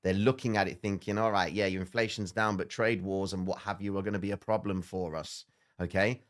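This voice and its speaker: A man of Greek origin hosting a live market stream, talking in an animated, excitable way that jumps high when he gets worked up. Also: a little fast. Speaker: livestream market analyst host. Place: indoor studio under bright lights.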